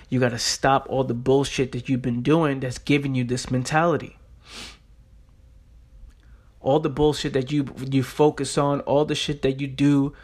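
A man hosting a motivational podcast monologue. He talks bluntly, swears, repeats points for emphasis and keeps checking in with "right?". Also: mid-range voice. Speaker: podcast host.

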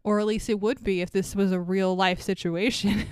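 Brief: young woman co-host, smooth clear voice, slightly high, sarcastic and profane, dry close mic. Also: fairly even intonation, normal speed, a little mellow, no room sound. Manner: sarcastic, swearing, laughs often. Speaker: podcast co-host. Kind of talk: casual movie recap chat.

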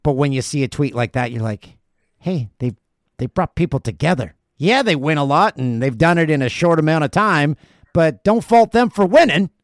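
Male podcast host, lively joking delivery, dry studio mic. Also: fairly high pitch, brisk, no echo. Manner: jokey, animated storytelling. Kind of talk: casual podcast chat.

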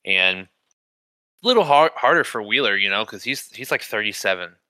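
A man co-hosting a casual sports podcast, talking in a profane, animated way and saying "you know" and "bro" a lot. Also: on the low side, moderate pace, clean tone, no echo, rough recording. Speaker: podcast co-host.

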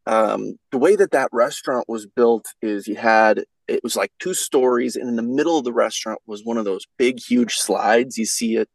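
A man's voice: mid-range voice, normal speed, vocal fry, few pauses, no room sound, low-quality recording. A man guesting on a podcast, telling a folksy, rambling story in casual chat with lots of fillers.

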